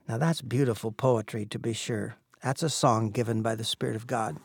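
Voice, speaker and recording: Older man, minister, gravelly voice, earnest reflective testimony, halting restarts. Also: medium pitch, steady tone, no room sound, clean studio sound. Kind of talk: personal testimony sermon.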